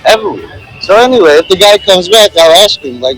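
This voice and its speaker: A man's voice: high voice, big pitch swings, a little fast, a bit bright, soft background music, rough recording. A man vlogging on a city plaza outdoors, rambling and joking into a handheld phone. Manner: rambling and joking, many fillers. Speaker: street vlogger. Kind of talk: casual walking commentary.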